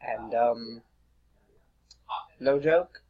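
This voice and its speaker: A man's voice: medium pitch, very slow, phone-quality sound. A teenage boy ranting casually over gameplay, rambling and restarting his sentences. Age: teens. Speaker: gaming vlogger.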